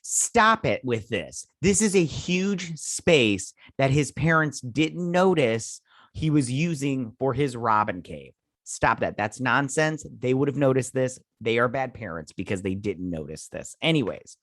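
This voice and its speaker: A man's voice: medium pitch, animated, measured pace, a bit bright, no room sound, studio quality. A man hosting a casual episode recap and review, rambling and joking with mock-indignant asides. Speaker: show host reviewing a TV episode.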